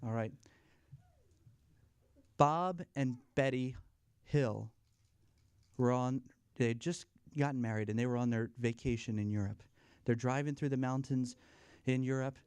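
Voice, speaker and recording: A man telling corny jokes and a long shaggy-dog story at a church family night, playful and self-deprecating, pausing for laughs. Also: mid-range voice, a little mellow, clean tone, no echo. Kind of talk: stand-up style corny jokes. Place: church fellowship event, live.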